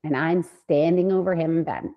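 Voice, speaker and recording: A woman co-hosting a podcast and telling a story in a casual, animated way, swearing freely. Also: low-pitched, normal speed, muffled recording. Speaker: podcast co-host.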